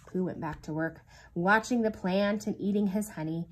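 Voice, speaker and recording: A woman reading a children's storybook aloud in an expressive, sing-song storytelling manner. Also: mid-range voice, normal speed, low-quality recording. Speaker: reader.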